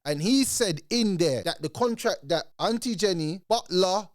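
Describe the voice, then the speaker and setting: A man ranting in reaction commentary, animated and mocking. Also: sits high, unhurried, no room sound, studio quality. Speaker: commentary channel host.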